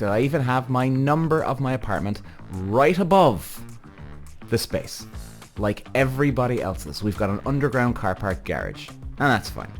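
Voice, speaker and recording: Man, podcast host, ranting, swearing, lively pitch, mid-range voice. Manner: animated, swearing, exasperated storytelling.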